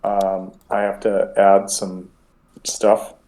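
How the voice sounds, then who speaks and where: A man's voice: low voice, completely flat delivery, slow, noisy background. Rambling casual male game master. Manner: casual, rambling with frequent restarts. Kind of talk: narrating a tabletop game.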